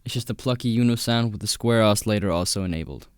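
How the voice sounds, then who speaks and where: Low-voiced man explaining music production. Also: quick pace. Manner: matter-of-fact, explaining step by step. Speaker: music producer tutorial host. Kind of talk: casual tutorial voice-over. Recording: voice-over with loud music playing. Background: loud electronic music.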